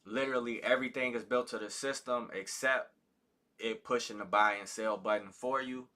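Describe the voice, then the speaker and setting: Man with a very bright, sharp voice. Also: mid-range voice, fairly even intonation, moderate pace. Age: adult with a child. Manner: casual, loose, conversational with many fillers. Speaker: trading stream host. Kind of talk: live market commentary and teaching.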